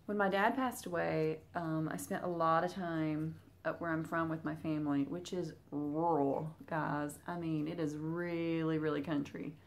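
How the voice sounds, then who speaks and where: Chatty Southern woman vlogger, lowish voice. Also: steady tone, unhurried, hardly any pauses. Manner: chatty, talks straight to viewers. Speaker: Flosstube vlogger. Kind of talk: casual chat while unboxing.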